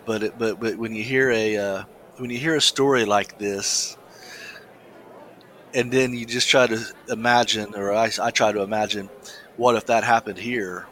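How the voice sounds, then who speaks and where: Man, co-host, casual chat, halting, reads news aloud. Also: on the low side, fairly even intonation, fairly bright tone, rough recording. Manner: halting, many restarts and fillers. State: coughing, something in windpipe. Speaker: podcast co-host.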